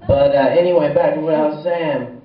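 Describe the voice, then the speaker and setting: On a small club or bar stage, a young comic with a voice on the high side and fairly even intonation rambles through a profane stand-up set at a slightly fast clip, in a relaxed stoner manner. The recording is echoey, distant from the mic, and dull and lo-fi.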